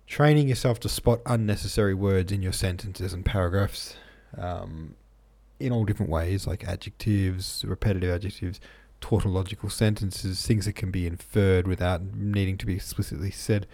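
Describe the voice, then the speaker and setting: A man hosting a podcast in a relaxed, chatty way, reading out listener comments with frequent ums, troubled by hiccups. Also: low-pitched, normal speed, vocal fry. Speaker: podcast host.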